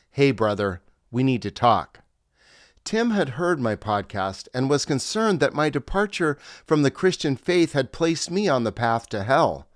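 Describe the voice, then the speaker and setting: A man's voice: medium pitch, dry recording, studio quality. A middle-aged man, a former pastor, narrating his memoir in a wry, reflective storytelling manner.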